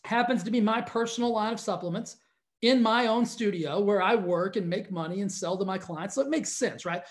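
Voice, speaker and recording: A fitness studio owner telling viewers a story in a casual, exasperated rant, talking straight to the camera. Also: male voice, high-pitched, brisk.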